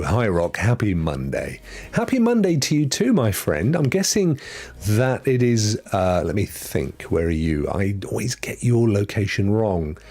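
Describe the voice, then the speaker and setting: Husky chatty man. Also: medium pitch, mellow. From London. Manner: chatty, rambling, drops into whispered asides. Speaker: host. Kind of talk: casual live-stream chat.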